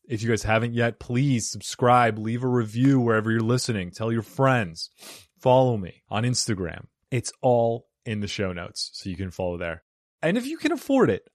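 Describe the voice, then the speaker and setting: Joking and self-deprecating, this comedy podcast host delivers a casual intro and chat from his Arizona home studio. He speaks into a studio mic in a fairly low-pitched voice, with no echo.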